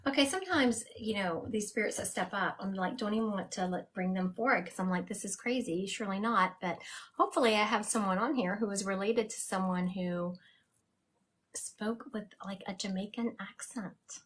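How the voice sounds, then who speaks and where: A woman's voice: mid-range voice, moderate pace, a bit bright, a little hiss or hum. A woman hosting a live stream as a psychic medium, chatting casually and laughing at herself.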